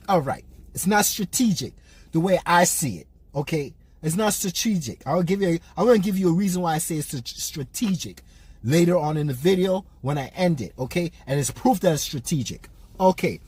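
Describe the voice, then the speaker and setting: A man talking casually as a boxing vlogger, ranting in an animated way, repeating himself and firing off rhetorical questions. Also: high-pitched, slightly rough. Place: in a car while parking.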